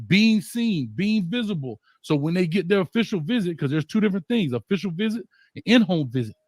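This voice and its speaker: Lively high-pitched man arguing hard. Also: dry recording, studio quality. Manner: argumentative, interrupting, rising to shouts. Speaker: co-host. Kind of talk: heated debate.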